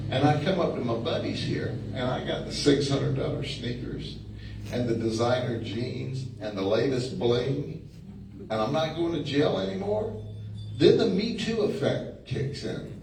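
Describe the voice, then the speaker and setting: A man's voice: medium pitch, measured pace, vocal fry. A middle-aged man with a drawl tells down-home stories to a room, mimicking the people in them and chuckling along. He sounds far from the mic in a very echoey space, with a faint hum underneath. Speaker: sheriff giving a talk. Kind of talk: folksy storytelling speech. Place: meeting room.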